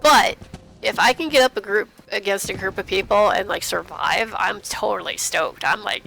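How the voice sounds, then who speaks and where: A woman's voice: medium pitch, animated, normal speed, gravelly, fairly bright tone. A woman streaming a game, chatting casually and giddily, often laughing at herself. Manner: giddy, chatty, self-mocking, laughs often. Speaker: gaming streamer. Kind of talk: casual commentary while playing.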